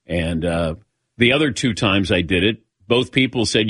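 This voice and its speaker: A man's voice: lowish voice, moderate pace, a bit bright, no echo. A man hosting a sports radio show, telling a self-mocking story in casual chat, acting out the voices of the people in it and saying he still feels lightheaded.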